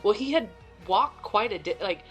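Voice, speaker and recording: A middle-aged woman with a Midwestern American accent, a podcast guest telling a story in an animated, chatty way. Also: medium pitch, normal speed, soft background music. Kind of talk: casual storytelling.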